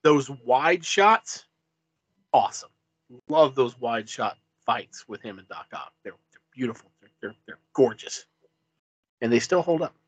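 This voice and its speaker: A man's voice: mid-range voice, animated, measured pace, breathy edge, no room sound. A man on a podcast chatting with enthusiasm, repeating words as he talks. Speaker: podcast co-host. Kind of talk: casual chat.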